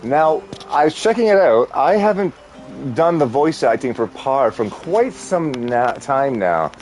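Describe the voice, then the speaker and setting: A man's voice: mid-range voice, big pitch swings, a little slow, a little mellow, soft background music. A man live streaming from home, chatting loosely and rambling to his viewers. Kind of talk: casual live-stream chat. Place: indoors at home during a thunderstorm.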